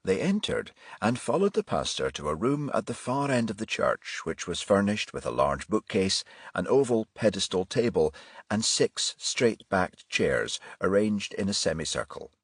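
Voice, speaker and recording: A male audiobook narrator reading in a measured, steady way, his low voice slightly husky. Recorded close and dry, with no room around it. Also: no echo. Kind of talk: scripted narration.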